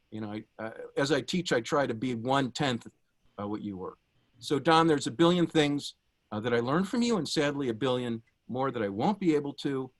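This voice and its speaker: A middle-aged man giving a prepared tribute over a video call, telling anecdotes in a warm way with many small pauses and fillers. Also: mid-range voice. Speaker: guest speaker giving a tribute.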